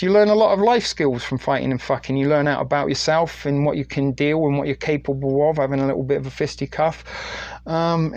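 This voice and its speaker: A man's voice: medium pitch, darkish tone. British man, middle-aged, live stream host, rambling, crude, phone mic. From United Kingdom. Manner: rambling, crude, reads chat aloud. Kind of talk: crude late-night live stream chat.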